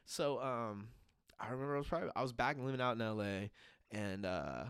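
Young male co-host, loose and profane storyteller, mid-pitched, dry room. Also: fairly quick, a bit bright, clean tone, no echo. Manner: profane, rambling storyteller, lots of fillers. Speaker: podcast co-host. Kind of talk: casual chat.

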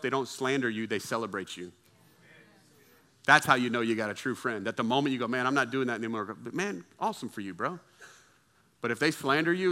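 Bright-voiced pastor preaching animatedly. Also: male voice, mid-range voice. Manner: conversational preaching, acts out friends' voices. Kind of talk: sermon. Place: church service with congregation.

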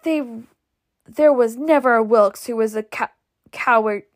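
Woman reading indignant older matron, firm, scolding, slow. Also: fairly high pitch, close to an everyday voice.

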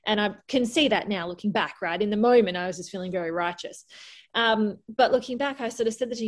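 A woman speaks as a guest on a podcast, telling a personal story candidly. She is animated, acts out what others said, and laughs often. Her voice sits at an ordinary middle pitch. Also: fast. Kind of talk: casual storytelling.

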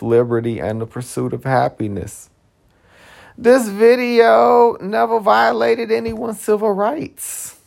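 A man's voice: medium pitch, creaky. A man hosting a podcast in a casual, rambling monologue, full of "you know" and with the odd curse. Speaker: podcast host.

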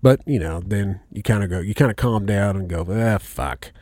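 A man telling stories in a casual chat, swearing freely and getting animated as he goes. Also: lowish voice, moderate pace, dry recording, studio quality. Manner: profane, animated storyteller.

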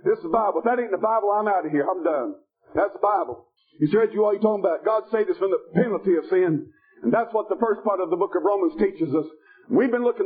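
Shouting preacher, tinny sound. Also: male voice, very high-pitched. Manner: shouting, rhythmic preaching with folksy grammar. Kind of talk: fiery revival sermon. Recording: tinny phone-like audio.

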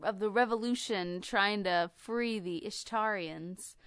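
A woman's voice: medium pitch, a little slow, fairly bright tone, clean tone, dry recording, clean studio sound. A young American woman co-hosting a podcast, chatting casually and trailing off with lots of fillers. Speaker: podcast co-host. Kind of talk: casual chat.

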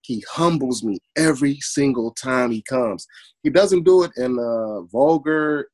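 A man's voice: medium pitch, a little slow, rough recording. Earnest barber man on a video call. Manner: earnest and emphatic, repeats points for stress. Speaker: barber guest. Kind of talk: casual conversational interview.

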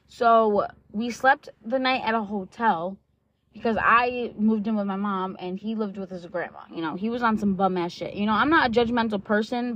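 A woman in her twenties with a mid-range voice vlogs a casual personal story, candid and blunt. She swears plenty, fills gaps with "like" and "um," and acts out quoted lines, and the audio is dull and lo-fi.

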